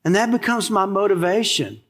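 A man's voice: high-pitched, expressive, a little fast, a bit bright. A man in his sixties, a pastor preaching a sermon in a conversational, folksy way with asides to the congregation.

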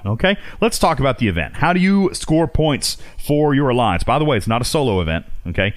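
A man hosting a podcast, chatting casually and excitedly about a mobile game, laughing often and restarting sentences. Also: medium pitch, fairly quick, no echo. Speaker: podcast host.

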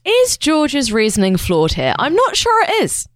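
Woman, lively up-and-down voice, dry close sound, casual chat, frequent laughs. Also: high voice, a little slow, no echo. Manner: animated, laughing often. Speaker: podcast co-host.

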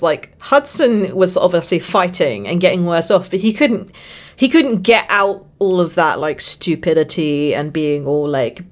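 Young woman, book podcast co-host, animated and joking, voice on the lower side. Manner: animated, joking, laughs often. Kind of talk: casual book discussion chat.

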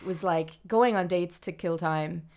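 A woman's voice: on the low side, a little slow, a little mellow. A young adult woman, telling a story in casual conversation as a guest, with a chatty manner and frequent use of "like".

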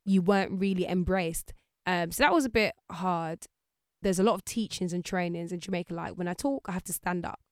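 Woman, interview guest, casual chat, lively, dry close sound. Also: lowish voice, fairly quick, no echo. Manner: lively, acts out voices of people she quotes.

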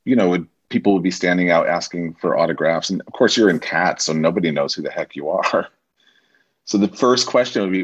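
Male actor guest, low and husky, lively storyteller, dull lo-fi sound. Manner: animated anecdotes, acts out quoted voices. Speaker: guest, stage actor and teacher. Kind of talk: casual interview storytelling.

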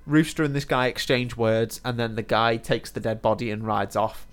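A man's voice: mid-range voice, moderate pace, smooth. Man casually retelling a film. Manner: retells the plot with laughs and swearing. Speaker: podcast co-host. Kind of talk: casual film-recap chat.

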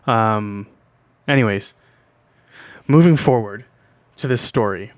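A man's voice: fairly low pitch, takes it slowly, dry recording. A young man hosting a podcast, telling a story in a loose, rambling way, swearing often and breaking into laughter. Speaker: podcast host. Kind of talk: casual storytelling monologue.

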